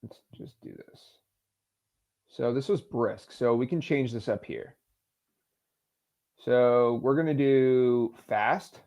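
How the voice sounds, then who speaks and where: A man hosting a live stream, talking casually and excitedly to his chat and joking with the viewers. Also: mid-range voice, takes it slowly, long pauses, lo-fi sound. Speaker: host of a live stream on real estate cold calling.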